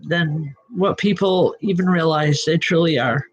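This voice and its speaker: A woman working as a psychic medium, giving live spirit readings in a reassuring way, often breaking into soft laughter. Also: sits low, a little slow, lo-fi sound.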